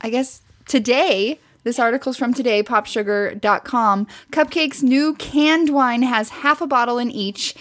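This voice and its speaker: A woman co-hosting a podcast in relaxed, casual chat. She reads out bits of news and tosses questions to her partner in a high-pitched voice. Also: unhurried, hardly any pauses. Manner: chatty, giggly, asks questions. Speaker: podcast co-host.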